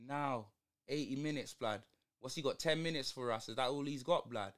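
A man's voice: medium pitch, moderate pace, a bit bright. A young man ranting through a live football watch-along, heavy on street slang and exasperation.

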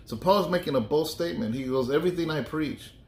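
A man's voice: a little high, quick pace. A man pastor leading a casual Bible study, chatty and joking, thinking aloud with restarts. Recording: echoey room.

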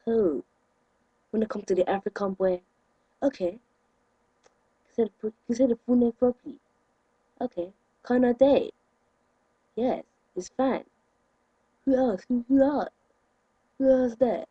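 A young man, ranting indignantly to his camera in a vlog, with sudden loud outbursts. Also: very high-pitched, moderate pace, pauses often, husky, no echo, muffled recording. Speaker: vlogger.

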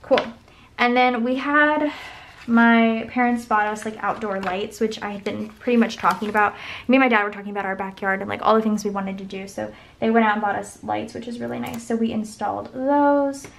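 A young woman with a slightly high voice chats casually while she decorates her planner. She rambles through stories, stacking "like" and "um" as she goes, in a relaxed plan-with-me vlog. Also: brisk, gravelly, slight background noise. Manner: chatty, rambling, filler-heavy storytelling. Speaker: planner vlogger.

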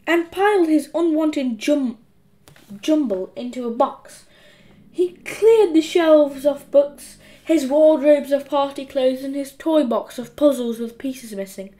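Slow, expressive woman narrating a children's audiobook. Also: high voice. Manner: expressive, playful storytelling.

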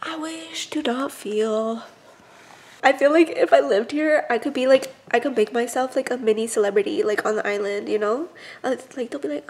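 A young woman vlogging on a phone, rambling with crude jokes and giggles, at times soft and teary. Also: high-pitched, moderate pace. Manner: soft, teary, half-whispered confiding. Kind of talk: casual vlog chat. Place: hotel room at night.

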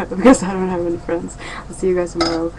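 A woman's voice: fairly low pitch, flat delivery, moderate pace, noisy background. A young woman chatting in a rambling, playful way in a casual daily vlog from home. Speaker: vlogger.

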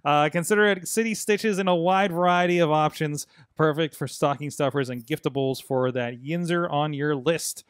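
A man's voice: a little high, normal speed, hardly any pauses, clean tone, no room sound, studio quality. A man hosting a casual panel podcast, reading a sponsor spot in a loose, rambling way with many fillers. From Pittsburgh area. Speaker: podcast host.

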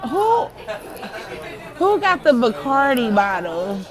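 High, slow-talking woman cooing at puppies. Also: very animated, a crowd in the background. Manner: cooing, baby-talk at puppies. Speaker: vlogger. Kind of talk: casual vlog narration. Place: pet store.

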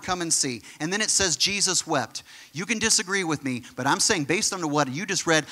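Man, preacher, high-pitched, bright tone, animated sermon, acts out quotes. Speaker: pastor.

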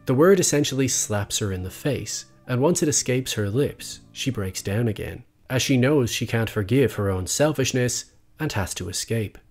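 A man narrating a scripted video essay in a measured, analytical way. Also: mid-range voice, animated, a little mellow. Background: faint background music.

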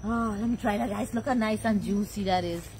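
A woman's voice: mid-range voice, fairly quick, darkish tone, a little hiss or hum, poor audio. A woman with a Guyanese accent hosting a casual backyard food vlog, chatty and affectionate, often laughing and talking while she eats. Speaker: vlog host. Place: backyard outdoors at night.

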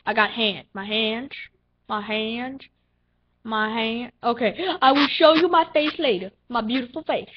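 A young female gaming channel host giving excitable, playful commentary while playing, with silly sound effects. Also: on the high side, a little slow. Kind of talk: casual gameplay commentary. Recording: dull lo-fi recording with faint noise.

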